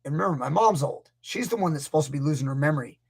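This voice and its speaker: A man's voice: fairly high pitch, lively intonation, rapid-fire, gravelly, breathy edge. A man, a grappling coach hosting a casual live stream, rambling through stories and acting out what people said. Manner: rambling, storytelling, acts out quotes. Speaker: grappling coach, channel host.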